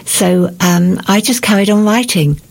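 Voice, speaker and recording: An older woman, a writer answering radio interview questions and reading from her book in a measured, reflective way. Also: mid-range voice, creaky. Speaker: author guest.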